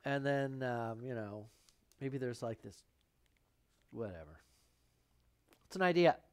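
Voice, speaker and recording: Slow-paced and expressive, a man with a mid-range voice chats his way through a live painting show in his studio. He rambles and talks to himself as he works, tossing in joking asides.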